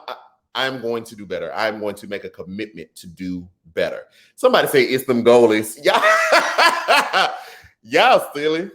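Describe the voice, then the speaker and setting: A man with a Texas twang hosting a casual political livestream, chatting with viewers and stumbling over words now and then. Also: mid-range voice. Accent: Texan. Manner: chatty and animated, calls the audience y'all, stumbles over words. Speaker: political commentary livestream host. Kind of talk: casual livestream commentary, reading viewer comments.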